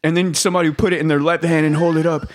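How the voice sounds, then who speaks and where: A man's voice: fairly high pitch, flat delivery, racing. A young adult man co-hosting a podcast, telling rambling, profane boot camp stories and laughing often. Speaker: podcast co-host. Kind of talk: casual storytelling chat.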